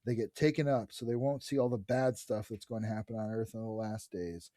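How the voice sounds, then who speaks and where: A man co-hosting a casual podcast, retelling a story with excitement and lots of fillers. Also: on the low side, fairly quick, dry recording, clean studio sound. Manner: enthusiastic retelling, many fillers. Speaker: podcast co-host. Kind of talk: casual chat about comics.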